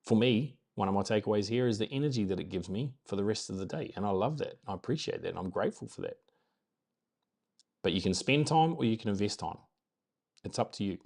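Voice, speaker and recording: A man's voice: on the low side, lively intonation, fast, creaky, darkish tone. A man from New Zealand with a New Zealand accent, hosting a casual motivational live stream, upbeat and rambling, repeating his key phrases. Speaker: host of a daily live stream.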